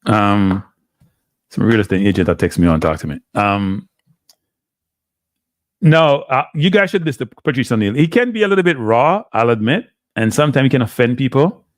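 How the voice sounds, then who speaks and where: A man with a Jamaican accent hosts a live stream and talks to his chat in a loose, rambling way, sounding exasperated and drifting in and out of patois. His voice sits at a middling pitch, and the recording is close and dry. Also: lively intonation, normal speed, no room sound. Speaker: live show host.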